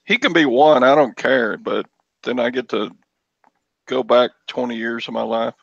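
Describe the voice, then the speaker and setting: A man chatting casually on a live reseller show, unhurried and trailing off. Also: mid-range voice, gravelly, a bit bright, no room sound, highs cut off. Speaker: reseller guest. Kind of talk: casual chat.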